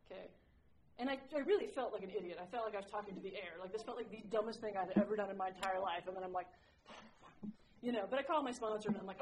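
A woman's voice: mid-range voice, fast, a little hiss or hum, poor audio. A woman sharing her recovery story with a group, candid and self-mocking, rambling with lots of "like"s. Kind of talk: personal recovery share to a group.

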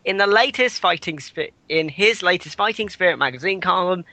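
A man's voice: high-pitched, lively intonation, a little fast, pushed and bright, no echo, poor audio. A man co-hosting a casual podcast, reading out news items with stumbles, fillers and asides.

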